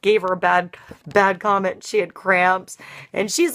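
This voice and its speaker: A woman's voice: mid-range voice, normal speed, a bit bright. A woman giving a casual tarot reading, rambling with lots of "like" and frequent laughter. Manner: rambling, laughing, heavy use of "like". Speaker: tarot reader.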